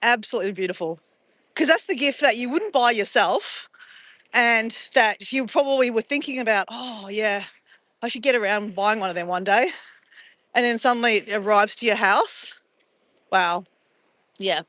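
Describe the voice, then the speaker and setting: A woman's voice: on the high side, normal speed, pauses often, a bit bright, dry recording, poor audio. A middle-aged woman chatting casually on a live stream from a phone held at arm's length, playful and giggly as she exclaims over camera filters. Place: outdoors near a beach.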